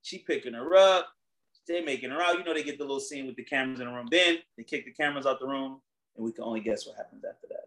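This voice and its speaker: A man hosting a casual chat, retelling a story in animated, slangy, profane talk. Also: mid-range voice, quick pace, poor audio.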